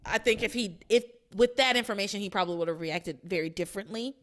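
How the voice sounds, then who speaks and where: A woman hosting a podcast, casually recapping a story and acting out characters' lines in a lively way. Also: mid-range voice, fast talker. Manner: animated, acts out characters' lines in quoted voices. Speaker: podcast host.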